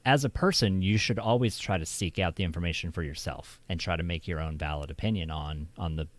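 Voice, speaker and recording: Deep-voiced rambling streamer host. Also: male voice, a little fast, dry recording. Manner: rambling, heavy with fillers and restarts. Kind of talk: casual stream chat.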